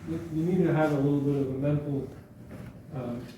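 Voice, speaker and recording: This guest speaker's voice sits on the high side, mellow and fairly quick, with fairly even intonation. Addressing a school gathering in a hall, he keeps things conversational and anecdotal, often correcting himself as he goes. The mic is far away in an echoey room, with faint background noise.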